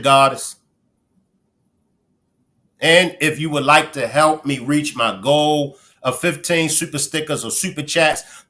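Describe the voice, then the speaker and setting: A man from Baltimore with a Baltimore accent, hosting a casual livestream and chatting with viewers as he gives shout-outs. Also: on the high side. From Baltimore, Maryland. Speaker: livestream host.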